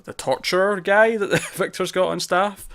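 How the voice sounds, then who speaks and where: On a casual TV review podcast, a male co-host rambles, stops and repeats words, then starts his sentences over. His high voice is steady in tone and a bit bright, with vocal fry and a measured pace.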